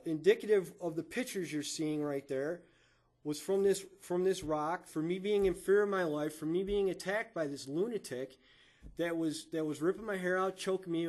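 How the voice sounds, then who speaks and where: A man with a notably high voice gives emotional testimony in a courtroom. His account comes out haltingly, with stammers and repeated words. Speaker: witness giving testimony.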